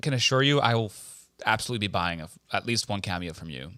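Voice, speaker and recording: A man hosting a podcast in casual chat, teasing and quick to laugh. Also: on the low side, lively intonation, sharp tone, no room sound, clean studio sound. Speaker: podcast host.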